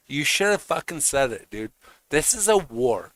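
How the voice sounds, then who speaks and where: A man's voice: mid-range voice, very animated, moderate pace, fairly bright tone, no echo. A man streaming, ranting casually in a heated, mocking way, swearing constantly. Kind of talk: casual rant.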